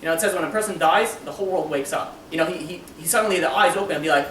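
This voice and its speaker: Fast-talking rabbi in an echoey room. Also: male voice, high-pitched. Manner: animated, acts out characters in a story. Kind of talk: storytelling Torah class. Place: community center classroom. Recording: echoey room, distant mic, background noise.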